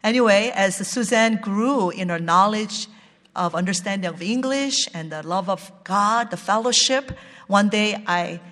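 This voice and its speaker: Ministry director sharing a testimony; hesitant, restarts often, middle pitch, long hall echo. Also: fairly bright tone. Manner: halting, with many fillers and restarts. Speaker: director of a church language ministry. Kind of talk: personal testimony storytelling.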